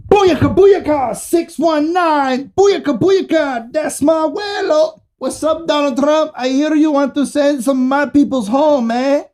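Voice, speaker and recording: A man putting on a loud, taunting impression of a brash pro wrestler calling out a rival. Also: very high voice, measured pace, few pauses, pitched above the performer's own voice.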